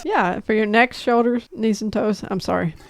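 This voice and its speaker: A woman's voice: on the high side, moderate pace, gravelly. Quippy woman co-hosting a product review. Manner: dry, quippy humor. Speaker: co-host of a product review channel. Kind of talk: casual product review chat.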